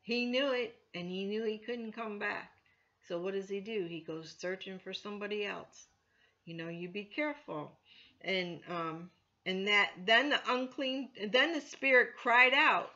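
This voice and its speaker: Woman church elder, informal Bible teaching; bright, conversational, dull lo-fi sound. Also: medium pitch, measured pace. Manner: conversational, many "you know" fillers, rises loudly when quoting scripture.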